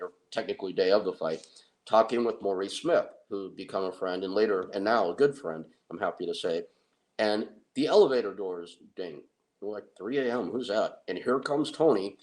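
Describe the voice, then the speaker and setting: Animated middle-aged man telling stories. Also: on the low side. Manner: animated, self-deprecating, laughs often. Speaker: wrestling and MMA manager. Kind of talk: anecdotal storytelling.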